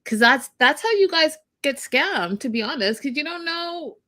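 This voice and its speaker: Co-host, woman, fairly high, bright tone; lively storyteller who laughs through her recap. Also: normal speed. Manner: animated storyteller, laughing a lot. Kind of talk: casual recap chat.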